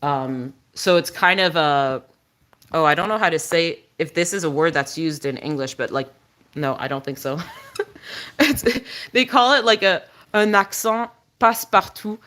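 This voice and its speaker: A woman's voice: sits low, animated, unhurried, a bit bright. A woman with a French Canadian accent hosting a casual livestream with her dog, chatting in long rambling explanations. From Quebec, Canada.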